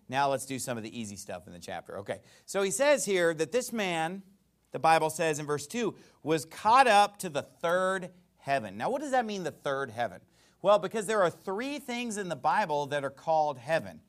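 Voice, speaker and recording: A man preaching a sermon in a conversational, emphatic way, asking rhetorical questions. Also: a little high.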